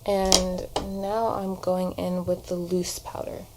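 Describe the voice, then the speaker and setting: Slow and fairly low-pitched, with little pitch movement, a vlogger who also acts rambles through her makeup routine at home, sprinkling in "like" constantly. Her get-ready-with-me chat is captured by a camera on a shelf, with background noise in the audio.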